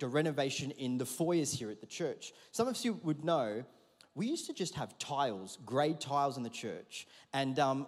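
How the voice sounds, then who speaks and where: A pastor preaches in a big church hall, his voice sitting a little high for a man. He tells his story in an animated, chatty way and calls the congregation to answer back. Long reverb trails after every phrase. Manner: lively, conversational, with audience call-and-response. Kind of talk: sermon with storytelling. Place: large church auditorium.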